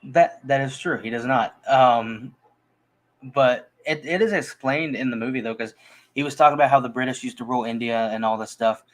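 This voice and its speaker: A man's voice: medium pitch, normal speed. A man in casual conversation about a film, talking in a rambling way with frequent restarts and fillers. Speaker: movie podcast co-host.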